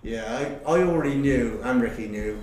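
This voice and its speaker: A middle-aged man and former footballer, recalling his career in a halting, rambling way with many fillers. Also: medium pitch, a little mellow, slight background noise. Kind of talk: casual interview chat. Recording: roomy, distant recording.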